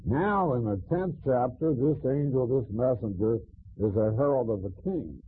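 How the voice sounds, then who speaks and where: A man teaching through a Bible passage verse by verse, in a measured way with frequent pauses. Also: medium pitch, expressive, slight background noise. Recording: tinny phone-like sound.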